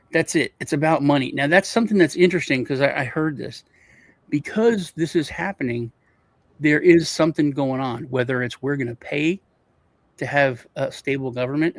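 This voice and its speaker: A man with a gravelly, fry-heavy voice rambles through casual chat, stumbling over restarts and repeating himself. He was recorded close and dry, with no room sound. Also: fairly high pitch, dry recording. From Europe. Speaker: co-host.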